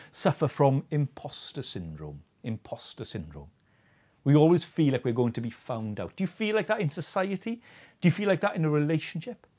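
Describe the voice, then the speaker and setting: A man's voice: mid-range voice, mellow. A man preaching a sermon in an earnest way, asking his listeners questions.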